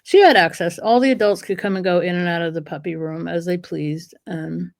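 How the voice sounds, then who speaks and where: Lively woman telling dog stories, low voice. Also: brisk, gravelly. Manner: lively storyteller who acts out what dogs say. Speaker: guest, dog breeder and trainer. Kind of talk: casual interview conversation.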